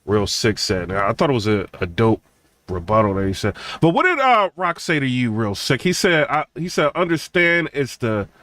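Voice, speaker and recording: A man's voice: medium pitch, animated, normal speed, a bit bright, no echo. A man hosting a channel, reviewing a rap battle in casual, rambling commentary and trailing off with "man" and "bro". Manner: laid-back, rambling, drawls "man" and "bro", laughs between points.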